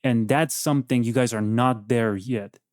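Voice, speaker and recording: Brief: blunt male host grilling an AI, mid pitch, dry close sound. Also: normal speed, a little mellow, no room sound. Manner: probing, blunt, rambling. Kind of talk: casual chat.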